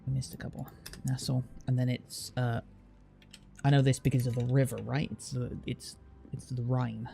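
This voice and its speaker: Gravelly-voiced man with a southern English accent. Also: mid-range voice, little pitch movement, moderate pace, warm tone. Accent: southern English (Southwest England). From Southwest England. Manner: thinking aloud, chatty, hesitant with fillers. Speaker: streamer. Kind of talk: casual chat with live chat.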